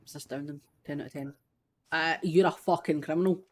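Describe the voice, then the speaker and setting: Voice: mid-range voice, steady tone, fairly quick, a little mellow. A streamer, chatting casually while playing, swearing freely and laughing often. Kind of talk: casual gaming chat.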